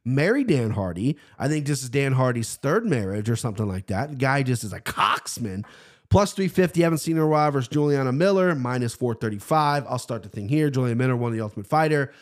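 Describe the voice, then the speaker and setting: A man in his thirties hosting a casual sports betting podcast, loose and excitable, swearing freely. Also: mid-range voice, fast talker. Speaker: podcast host.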